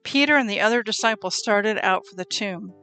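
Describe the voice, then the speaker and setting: A woman reading Bible passages aloud in a calm, measured storytelling way. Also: medium pitch, faint music behind. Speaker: scripture reader.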